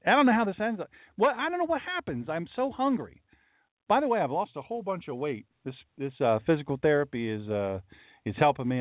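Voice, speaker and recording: A middle-aged man hosts his own livestream as a pastor, talking in a loose, chatty way full of folksy asides. His voice sits at an ordinary pitch. The sound is dry and narrow, like it is coming through a phone line. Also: no room sound. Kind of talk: casual livestream talk with chat.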